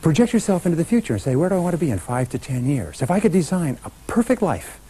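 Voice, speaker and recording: A man's voice: on the high side, sing-song, fast talker, warm tone, husky, rough recording. A middle-aged man giving a motivational seminar talk, speaking emphatically and directly to a live audience. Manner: emphatic, talks straight to a live audience, leads call-and-response chants.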